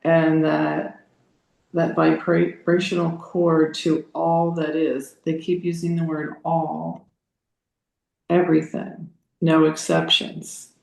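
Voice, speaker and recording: An older woman on a video call, sharing her spiritual reflections slowly, searching for words and restarting her sentences. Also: low-pitched, flat delivery, gravelly, darkish tone. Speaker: group participant. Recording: roomy echo.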